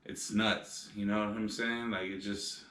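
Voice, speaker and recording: A man's voice: lowish voice, little pitch movement, measured pace, fairly bright tone, roomy sound. A man co-hosting a casual vlog, rambling with lots of filler phrases as he talks. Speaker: vlog co-host. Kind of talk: casual chat.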